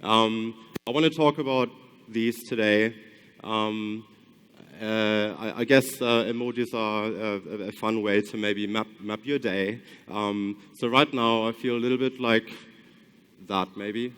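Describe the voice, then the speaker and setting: A man from Germany gives a conference talk in a hall, his German accent tinged with Australian. His voice is fairly low, steady, measured, fairly bright and clean, and he often hesitates with ums and restarts.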